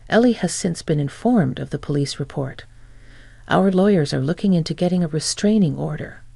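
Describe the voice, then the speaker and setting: A woman narrating a first-person family story in an even, matter-of-fact scripted read, close to the mic. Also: sits low, vocal fry, slightly rough, no echo.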